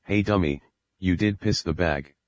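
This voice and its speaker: A furious, short-tempered father barking insults at his child, read by a man in a very low voice. The sound is dry and a little muffled, like an audiobook on a lo-fi recording. He scolds and threatens in every line. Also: moderate pace, no echo, lightly acted. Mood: angry scolding. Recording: dull lo-fi recording.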